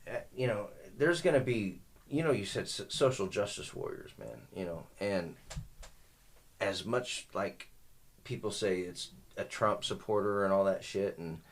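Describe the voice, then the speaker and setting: A man's voice: fairly low pitch, expressive, unhurried. A man hosting a podcast in casual, profane chat, rambling and stumbling over his words. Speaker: podcast host.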